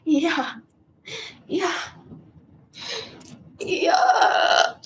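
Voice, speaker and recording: A woman with a high voice talks slowly and loosely to her livestream viewers. She rambles, swears casually and often drops a thought halfway to start another. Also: slight background noise. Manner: chatty, swears freely, trails off and restarts. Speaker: livestream host.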